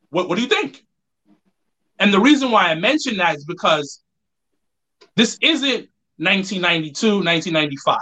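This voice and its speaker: A man co-hosting a podcast, telling stories in casual chat with quick restarts. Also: high voice, bright, forceful tone, rough recording. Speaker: podcast co-host.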